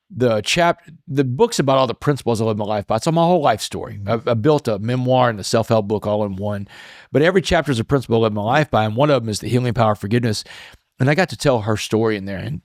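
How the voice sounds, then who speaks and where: Man, podcast guest, earnest and reflective, halting restarts, low voice, dry close sound. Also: no room sound. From Texas. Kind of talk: emotional storytelling interview.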